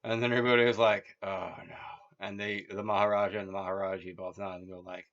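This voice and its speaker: This man's voice is lowish, slightly bright, and level in tone, and he races along while casually retelling a story. He rambles with plenty of fillers and restarts and chuckles at his own jokes, all on muffled lo-fi audio.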